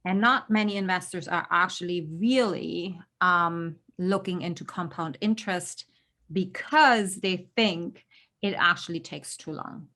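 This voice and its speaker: A woman's voice: on the low side, fairly bright tone. A middle-aged woman co-hosting a casual chat show, talking earnestly and pushing her voice up sharply when she stresses a point. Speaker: podcast co-host.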